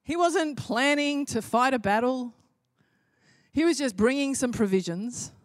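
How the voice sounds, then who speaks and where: A woman's voice: sits high, unhurried, dry recording. Impassioned woman preacher, dry close sound. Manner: impassioned, building to emphatic repetition. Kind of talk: sermon.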